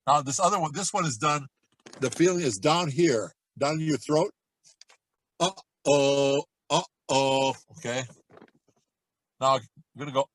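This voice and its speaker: A middle-aged man coaching a vocal warm-up lesson, talking in a relaxed, chatty way between loud sung demonstrations. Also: mid-range voice, a little slow, pauses often, no echo, poor audio. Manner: demonstrates exercises with loud sung shouts and quacks.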